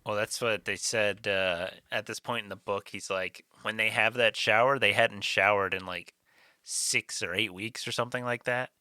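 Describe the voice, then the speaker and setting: A man with a lowish, very bright voice co-hosts a casual podcast. He retells scenes with bursts of laughter and speeds through sponsor reads. The sound is dry and close to the mic. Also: fairly even intonation, no room sound. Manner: laughs often while retelling, fast ad reads. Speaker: podcast co-host. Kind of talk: casual podcast chat with ad read.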